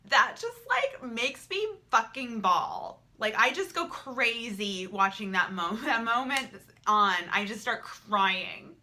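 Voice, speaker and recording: A woman's voice: fairly high pitch, lively intonation, slow, few pauses, bright, forceful tone. A young woman talking candidly to camera in a vlog, emotional and repetitive, swearing freely. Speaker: vlogger.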